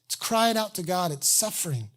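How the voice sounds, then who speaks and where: Pastor, sermon delivery, conversational and honest, mid-range voice, earnest slowed emphasis. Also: medium pitch, sing-song, a bit bright. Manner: conversational, candid, self-deprecating asides.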